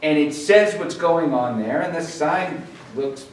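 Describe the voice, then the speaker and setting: Man, board member at a public hearing, measured and halting, very echoey room, mic far away. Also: fairly high pitch, a little hiss or hum. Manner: measured, halting, many restarts. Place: town meeting room.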